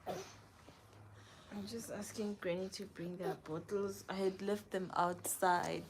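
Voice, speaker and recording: A young mother of twins talking candidly and softly at home, with light laughs here and there. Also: medium pitch, fairly even intonation, takes it slowly. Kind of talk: casual home vlog talk. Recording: home recording with audible background noise.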